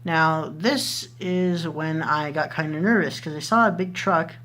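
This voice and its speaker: A man's voice: a little high, a little slow, pushed and bright. Young male vlogger, casual storyteller, loose and profane delivery. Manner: rambling, swears freely, many fillers.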